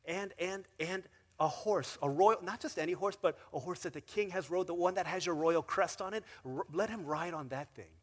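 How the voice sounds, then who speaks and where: A male pastor preaching a sermon in a lively, casual storytelling manner with slang. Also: high-pitched, moderate pace.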